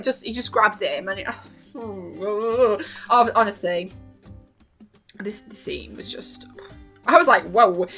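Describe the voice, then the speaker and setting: Chatty woman vlogger, emotional and gushing, a bright, forceful delivery. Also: mid-range voice. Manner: gushing and emotional, full of fillers, quoting her own reactions with gasps and squeals. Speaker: vlogger reviewing a TV series. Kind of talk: casual rambling chat.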